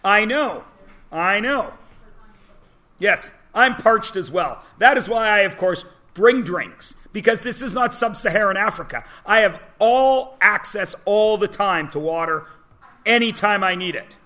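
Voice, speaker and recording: A man teaching a math class in a classroom, chatty and teasing, often checking in with quick questions. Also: high-pitched, expressive, bright, forceful tone. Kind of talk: classroom lesson.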